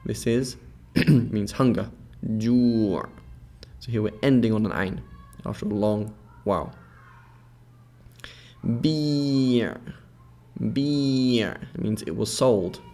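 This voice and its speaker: A man teaching Arabic letter sounds, patiently repeating each sound slowly and checking with the listener as he goes. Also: lowish voice, dark tone. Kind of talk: instructional explanation with repeated model words.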